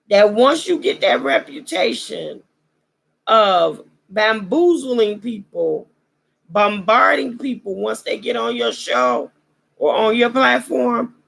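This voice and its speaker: A woman vlogger speaks in an unhurried way, preachy and roasting, with slangy phrasing. Her voice is deeply gravelly and husky, and it rises and falls a lot. Her throat sounds dry, as if she is losing her voice. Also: a bit bright, poor audio. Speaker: vlog host. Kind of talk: casual commentary monologue.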